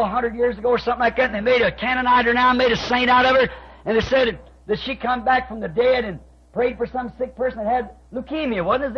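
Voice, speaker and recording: A man preaching a sermon, telling stories and acting out conversations, with his voice climbing to shouts. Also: extremely high pitch. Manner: storytelling, quoting both sides of conversations, rising to shouts. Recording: dull lo-fi archive tape recording.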